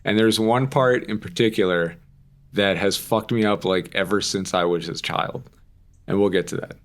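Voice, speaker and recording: A young man with a lowish voice talks through a podcast in loose, easy chat. He rambles and fills his sentences with "like" and the odd swear word. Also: normal speed. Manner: chatty, rambling, with frequent "like" and casual swearing. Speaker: podcast co-host. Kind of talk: casual chat.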